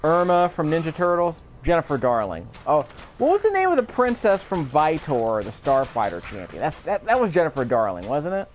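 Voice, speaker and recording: Here a gameplay commentator with a slightly high, very animated voice talks at normal speed. His casual commentary wanders and he often stops to correct himself.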